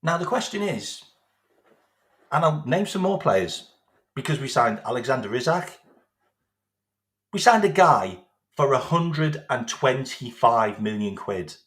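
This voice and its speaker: A man's voice: mid-range voice, big pitch swings, a little slow, pauses often, a bit bright, echoey room. A man delivering a sarcastic, sweary football rant as a vlog host, repeating his points. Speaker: football fan vlogger. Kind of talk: ranting monologue.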